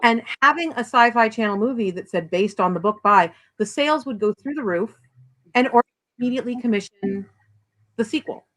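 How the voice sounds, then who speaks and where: Animated woman author talking bluntly. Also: on the high side, brisk, low-quality recording. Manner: blunt, animated, self-deprecating. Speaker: author guest. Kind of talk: casual video interview.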